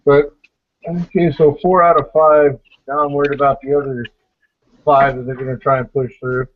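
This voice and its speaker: A man's voice: mid-range voice, level tone, normal speed. A man hosting a casual podcast pre-show chat over a voice call, blunt and profane, rambling as he talks. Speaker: podcast host. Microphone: online voice call. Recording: dull lo-fi voice call.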